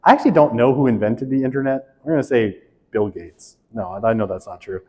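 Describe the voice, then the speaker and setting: A man's voice: medium pitch, a little fast, warm tone. Joking male instructor in echoey hall. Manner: joking, chatty, reads questions aloud. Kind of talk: lecture quiz review.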